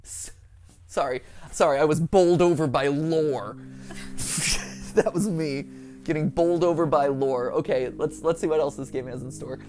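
A woman hosting a let's play, jokey and excitable, laughing often and slipping into silly voices, over light background noise. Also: low voice, moderate pace, soft background music. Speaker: host.

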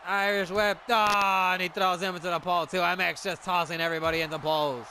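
A man calls a wrestling video game match in excited play-by-play, often breaking into shouts and exclamations at the big moves. His very high voice is gravelly, bright and sharp, and he talks fast. The recording is low quality, with faint noise humming in the background.

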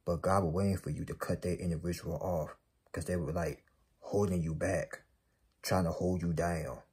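A man with a low, husky voice delivers a preachy motivational monologue. He is emphatic and repetitive, calling out to his listeners as he drives his point home. His tone is dark and mellow. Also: steady tone, moderate pace. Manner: emphatic, repetitive, calls out to the audience. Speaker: spiritual motivational speaker.

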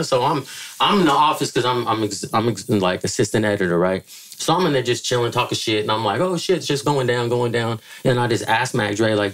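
Guesting on a podcast, a middle-aged man from the Bay Area, California, who manages musicians, tells stories casually and a little fast. He swears freely and stays animated, jumping up in pitch to act out what people said.

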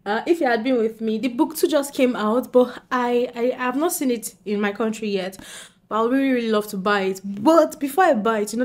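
Giggly, excitable young woman. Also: fairly high pitch. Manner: excitable, giggly, talks to her viewers directly. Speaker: book vlogger. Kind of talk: casual chat to camera.

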